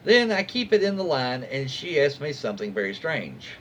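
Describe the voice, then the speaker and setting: Animated man reading internet stories. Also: medium pitch, normal speed, hardly any pauses, slight background noise. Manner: chatty asides, reacts to what he reads. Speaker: reddit story reader. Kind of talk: casual story reading.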